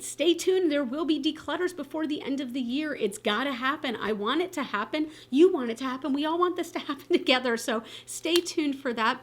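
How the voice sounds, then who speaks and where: A woman in her thirties, a beauty vlogger, chatting casually to camera, animated and full of filler words and playful asides. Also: a little high.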